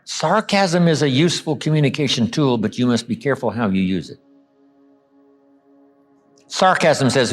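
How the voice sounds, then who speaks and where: A man delivering a motivational seminar talk in a lively voice that swings widely in pitch. He acts out the lines he quotes and uses slow, low drops to land his points. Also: soft background music. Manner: slows down and drops low for emphasis. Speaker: motivational speaker. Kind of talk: seminar lecture.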